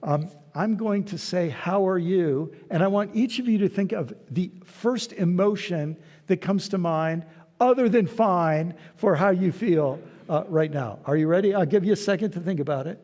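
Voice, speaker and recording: A man's voice: high-pitched, normal speed, darkish tone. A man giving a conversational church lecture, telling stories and acting out short dialogues. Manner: storytelling, acting out little dialogues. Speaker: guest lecturer. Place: large church hall. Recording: long hall reverb.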